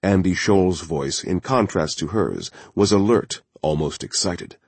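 Low husky guy reading a thriller audiobook, dry close mic. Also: unhurried, dry recording. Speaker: audiobook narrator. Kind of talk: scripted thriller narration.

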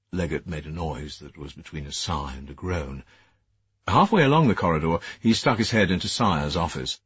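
A man narrating an audiobook in a measured, expressive storytelling manner. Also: a bass voice, breathy edge, no room sound. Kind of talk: scripted narration. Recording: dull, dry lo-fi studio audio.

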